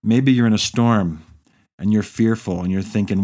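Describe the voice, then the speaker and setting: Male pastor, lower register, casual pulpit delivery, slips into voicing prayers. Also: normal speed, darkish tone. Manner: conversational preaching, acts out quoted prayers. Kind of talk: sermon.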